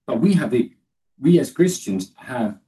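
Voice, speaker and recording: A man's voice: medium pitch, big pitch swings, measured pace, mellow, recorded from a distance, poor audio. A man preaching a sermon, emphatic and lifting his voice when he quotes scripture, with fillers and restarts.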